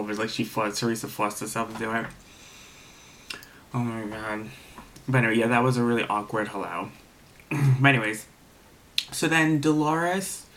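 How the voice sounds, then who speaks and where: Tired man talking low, gossipy. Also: fairly bright tone. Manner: rambling, gossipy, many fillers. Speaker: TV episode reviewer. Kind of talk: casual recap vlog.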